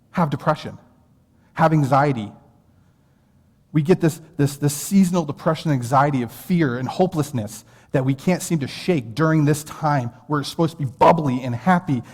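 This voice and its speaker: This thirtysomething American pastor preaches in a church sanctuary, recounting a personal story in an earnest, conversational manner. His voice leans high with a darkish tone, and long hall reverb hangs on the sound.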